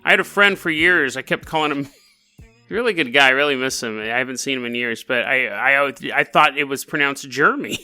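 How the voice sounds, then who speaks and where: A man's voice: medium pitch, a little fast, pushed and bright, clean tone, soft background music. A man hosting a podcast, telling stories in a chatty, joking way and laughing often. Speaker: podcast host. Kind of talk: casual storytelling podcast.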